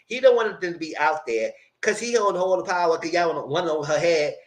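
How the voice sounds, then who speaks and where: A man's voice: fairly high pitch, lively intonation, fairly quick. A man hosting a casual live recap of reality TV. He talks bluntly and profanely and laughs often. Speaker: channel host reviewing reality TV.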